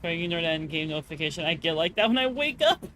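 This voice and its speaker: A woman's voice: lowish voice, big pitch swings, very fast, a little hiss or hum. A young woman streaming a game, chatting casually with friends and chat, joking and swearing as she plays. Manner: profane, joking, reacts loudly to game alerts.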